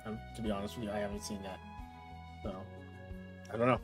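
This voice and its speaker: A man in his thirties, host of a casual chat show, talking loosely and getting loud and worked up when he rants. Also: on the low side, quick pace, soft background music. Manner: animated, gets loud and excited when ranting. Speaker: podcast host.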